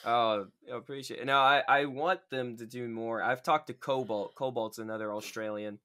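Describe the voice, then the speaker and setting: Male podcast host, bright tone, chatty and animated. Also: mid-range voice, smooth. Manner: animated, chatty, quick to laugh. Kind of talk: casual podcast interview.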